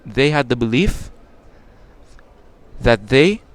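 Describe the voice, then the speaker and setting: A man's voice: mid-range voice, lively intonation, slow. A young man answering as a podcast guest in casual talk, explaining earnestly and building emphasis.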